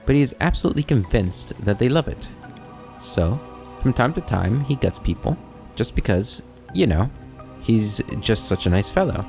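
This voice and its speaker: A man's voice: mid-range voice, sing-song, normal speed, darkish tone, soft background music. A man voicing a sly, talkative male kobold schemer with a wry, rambling, mock-innocent manner.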